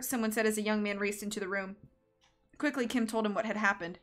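Bright-voiced woman reading a mystery. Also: on the high side, a little fast, soft background music. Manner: steady storytelling. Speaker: book reader. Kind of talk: reading a mystery novel aloud. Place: home streaming setup.

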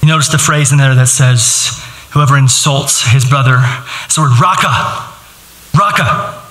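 A man preaching a sermon as pastor, animated and joking, laughing along with his congregation. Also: mid-range voice, moderate pace, reverberant, poor audio. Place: large church auditorium.

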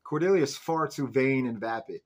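A man's voice: medium pitch, moderate pace. A man hosting a fan show, casually recapping a TV episode in a chatty way, full of "like" and "um". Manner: chatty, peppered with "like" and "um", animated retelling. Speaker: show host reviewing an episode.

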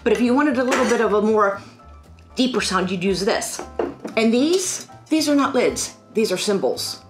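A middle-aged woman from Pennsylvania chatting casually about family holiday memories in a rambling, animated way. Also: a little high, moderate pace, faint music behind. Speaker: financial firm staff. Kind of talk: casual personal storytelling.

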